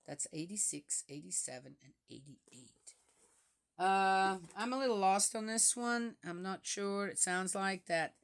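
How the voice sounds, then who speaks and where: A woman's voice: mid-range voice, animated, measured pace, gravelly, clean tone. A woman reading psalms aloud and stopping to reflect on them in a hesitant, musing way, often checking in with the listener by asking "yes?". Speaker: scripture reader.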